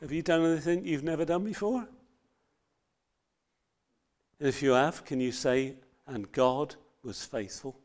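A man preaching a sermon, earnest and reading scripture with loud emphasis. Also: on the high side, moderate pace.

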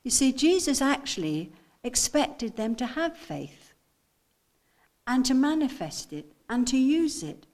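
A woman delivers a sermon in a slightly raised voice. She reads scripture slowly, leaning on key words. She often stops to put rhetorical questions to her listeners. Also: high-pitched, big pitch swings, darkish tone. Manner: slow, deliberate delivery with emphatic scripture readings. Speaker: preacher. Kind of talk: sermon teaching.

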